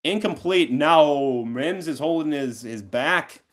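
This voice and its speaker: A man hosting a live football watch-along, calling plays and reacting, with excited jumps between loud calls and quiet asides. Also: on the high side, slow pace. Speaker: sports talk host.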